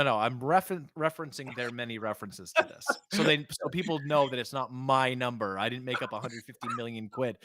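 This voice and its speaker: A man co-hosting a casual football podcast, talking animatedly with frequent laughs and quick restarts. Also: mid-range voice, fairly bright tone, no room sound, clean studio sound. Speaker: podcast co-host.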